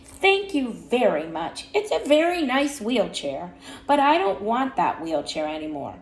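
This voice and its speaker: A woman's voice: mid-range voice, sing-song, a little slow. A woman voicing a plucky young girl who races her wheelchair, speaking plainly and insistently in a story read aloud. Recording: roomy echo.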